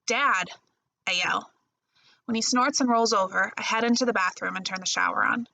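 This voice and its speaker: A woman librarian reading a first-person novel chapter aloud in a steady storytelling voice. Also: medium pitch, a little fast, gravelly, rough recording. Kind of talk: audiobook-style novel reading.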